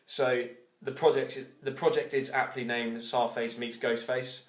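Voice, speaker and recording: Man, podcast host, laid-back casual talk, casual swearing, medium-low pitch, roomy echo. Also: flat delivery, normal speed. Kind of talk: casual chat. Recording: echoey room.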